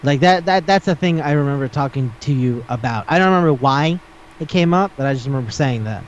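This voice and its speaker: A man's voice: medium pitch, lively intonation, a little fast, dull audio, a little hiss or hum. A man hosting a podcast in casual chat who rambles, repeats his words and swears offhandedly. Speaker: podcast host.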